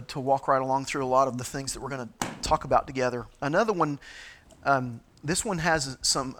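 A middle-aged man as a pastor, giving a sermon-style teaching talk, halting with frequent fillers and restarts. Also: fairly high pitch, fairly bright tone.

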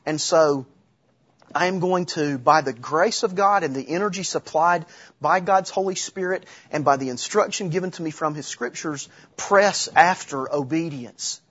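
Middle-aged male preacher, husky and slightly high, chatty sermon delivery with rhetorical questions. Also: moderate pace, fairly bright tone, muffled recording. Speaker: pastor.

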